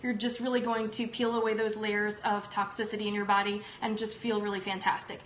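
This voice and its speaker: A woman's voice: medium pitch, level tone, brisk, a bit bright. A young woman hosting a casual livestream, upbeat and chatty with plenty of ums. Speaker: host. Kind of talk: casual livestream product talk. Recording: echoey room with faint background noise.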